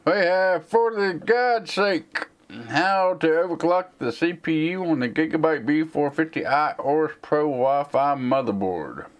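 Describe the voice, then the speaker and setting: A man's voice: fairly high pitch, moderate pace, few pauses. Rambling Southern American man, slight slur. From United States. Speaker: tech channel host. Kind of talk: live stream Q&A chat.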